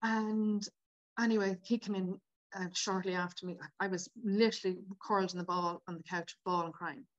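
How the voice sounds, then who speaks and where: On lo-fi audio, a podcast guest in her fifties openly tells her own emotional story, pausing to cry at times and using "like" constantly. Her voice is medium-pitched and steady, at normal speed.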